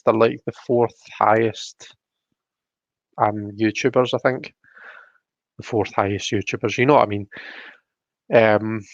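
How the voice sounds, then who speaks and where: A man's voice: mid-range voice, no room sound. A man hosting a casual live stream, chatty as he greets viewers by name and reads the chat aloud. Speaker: livestream host. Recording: dull, dry lo-fi stream audio.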